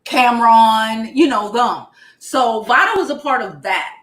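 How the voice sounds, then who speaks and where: Brash Brooklyn woman with bright, high voice. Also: a little slow, roomy sound. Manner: blunt and profane, animated retelling. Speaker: commentator. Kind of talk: casual pop culture commentary.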